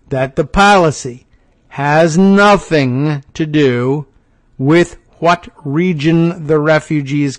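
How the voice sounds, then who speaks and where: A man hosting a political talk show, reading from an article and breaking off into sarcastic, incredulous commentary. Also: mid-range voice. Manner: frequent restarts and fillers when riffing.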